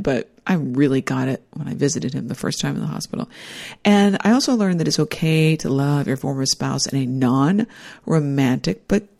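A woman's voice: sits low, creaky, dark tone. A middle-aged woman giving a personal, reflective talk about life lessons, earnest and heartfelt. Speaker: speaker sharing life lessons.

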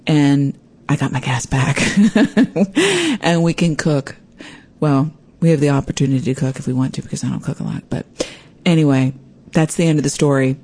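A woman hosting her own podcast, telling a personal story in a lively way and acting out what people said. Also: extremely low pitch, normal speed. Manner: animated, acts out quoted voices. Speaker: podcast host.

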